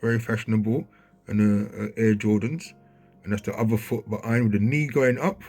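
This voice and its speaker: A man with a husky, slightly rough voice talks over footage in a loose, conversational way. He grows excitable and keeps checking in with his listener. Faint music plays behind him. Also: on the low side, fairly quick. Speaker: video commentator. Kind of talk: casual commentary over footage. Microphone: handheld mic.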